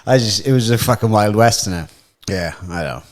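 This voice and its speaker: A young man with a fairly low voice. He talks in loose, casual podcast banter and swears freely, sounding relaxed among friends. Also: brisk. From Wales. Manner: swears a lot, laid-back banter. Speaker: podcast co-host, fighter. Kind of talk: casual chat.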